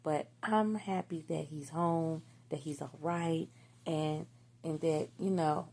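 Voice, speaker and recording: Gravelly, husky woman telling a story. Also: deep voice, fairly even intonation, takes it slowly, dark tone. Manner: candid, profane, slangy storytelling. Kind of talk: casual storytime monologue.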